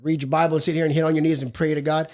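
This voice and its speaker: A middle-aged man co-hosts a recovery podcast with a casual group-chat feel, telling stories in a blunt, profane, easygoing way. He talks very fast in a fairly high voice with little pitch movement and a darkish tone.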